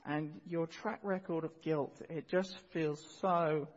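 A man preaching a sermon, earnest and measured, pausing and repeating key phrases. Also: a little high, fairly even intonation. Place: church hall. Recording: dull sound with long hall reverb.

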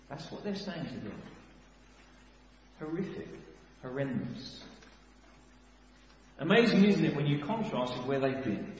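A man preaching a sermon, animated, full of rhetorical questions and sudden swings between loud and hushed. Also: on the high side, a little slow, pauses often, a little hiss or hum. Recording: echoey hall, dull sound.

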